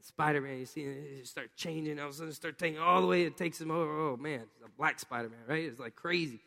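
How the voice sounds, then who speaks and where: A man in his thirties preaching a casual, animated sermon and putting questions to his congregation. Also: fairly high pitch, quick pace, creaky, big-room sound. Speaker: pastor.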